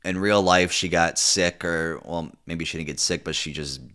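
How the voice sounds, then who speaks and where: Deep-voiced rambling profane young man. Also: steady tone, normal speed, bright, forceful tone, smooth. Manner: rambling, profane, many fillers and restarts. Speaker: TV show reviewer. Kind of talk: casual unscripted commentary.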